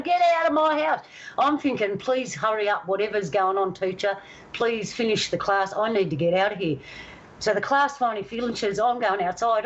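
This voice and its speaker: A woman from Australia telling a personal story in a casual, animated way, acting out the voices of the people in it. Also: medium pitch, lo-fi sound. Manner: animated, acts out voices in stories. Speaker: guest storyteller.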